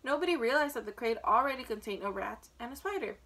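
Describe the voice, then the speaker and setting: Woman reading aloud, children's storybook, clear steady narration, bright higher voice. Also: fast talker. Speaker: storybook reader.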